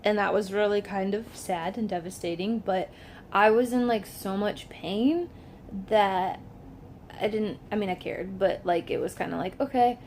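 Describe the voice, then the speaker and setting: Speaking at a normal pace in a mid-range, darkish voice, a young woman tells a casual story to the camera from her home, with a faint hiss or hum in the background. Her delivery is chatty, packed with "like," and she performs the quoted lines herself.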